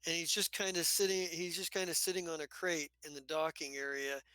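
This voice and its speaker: A man runs a tabletop game in a casual, hesitant way, full of fillers. His voice is bright and a bit high. The recording is dry and close. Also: little pitch movement, fairly quick, clear, resonant tone, dry recording, low-quality recording. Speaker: game master.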